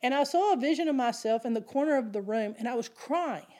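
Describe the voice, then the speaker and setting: A middle-aged woman preaching a sermon, telling a personal story in an animated way. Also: high-pitched, fast talker.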